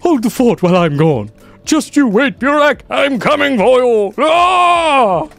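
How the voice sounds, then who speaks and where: A brash, swaggering drunk, as a man puts on a stupid voice, with a twang. The voice sits high and strained above his usual pitch, blaring and loud. Faint music plays behind. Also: very animated, moderate pace, dry recording. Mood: bellowing. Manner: rowdy, slurring slang, swaggering. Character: loud boozy male drifter itching for a drink.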